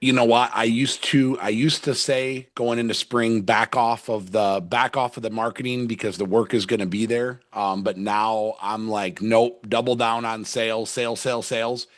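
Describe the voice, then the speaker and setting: A man's voice: lowish voice, fairly even intonation, moderate pace, hardly any pauses. A man who works as a business coach, speaking on a panel with energy and repeating points for emphasis. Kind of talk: casual panel discussion.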